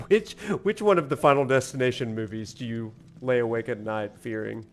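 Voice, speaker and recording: A professor streaming a video game, chatting loosely with his viewers and breaking into laughs. His male voice sits at an average pitch. Faint game music runs behind him. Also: normal speed. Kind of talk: casual livestream chat over gameplay.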